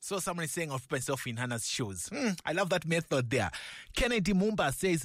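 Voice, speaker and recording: A man's voice: a little high, big pitch swings, a little fast, dry recording. A man hosting a Christian radio show, upbeat and effusive, talking from a studio mic. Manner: effusive, warm-hearted and exclamatory.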